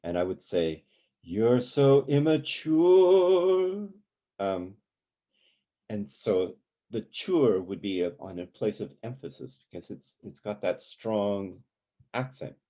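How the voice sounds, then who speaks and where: A man leading a community songwriting workshop, talking in a relaxed, halting way with many ums and sung examples. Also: low-pitched, muffled recording. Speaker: songwriting teacher.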